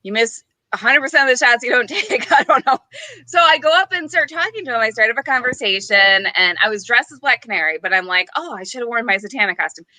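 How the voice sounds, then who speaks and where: A woman's voice: on the high side, animated, fast talker, sharp tone, no room sound. A woman co-hosting a podcast, telling a story in casual chat and laughing often. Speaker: podcast co-host.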